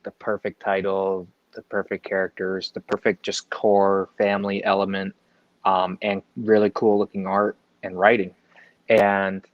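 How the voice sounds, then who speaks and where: A man's voice: fairly low pitch, dry recording. A man appearing as a guest in a casual interview, rambling conversationally with lots of fillers and asides. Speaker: guest comic book creator. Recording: dull, dry lo-fi sound.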